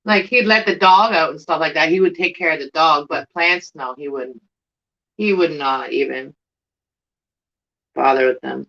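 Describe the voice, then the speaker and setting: A middle-aged woman with a Canadian accent talks to her camera in a loose, rambling way and breaks into giggles. Her voice is bright and forward. The recording sounds dull and lo-fi. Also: sits low, normal speed, vocal fry, pauses often. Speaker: plant vlogger. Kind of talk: casual chat to camera.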